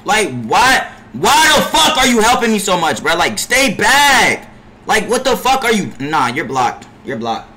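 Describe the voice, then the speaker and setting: A young man streaming a basketball game, cursing at teammates, trailing into low mutters, sometimes shouting from farther off the mic. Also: sing-song, unhurried, slight background noise. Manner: frustrated trash talk, profanity-heavy, drops into low mutters; bursts into far-off shouts at teammates. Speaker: gaming streamer. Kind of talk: live gameplay commentary.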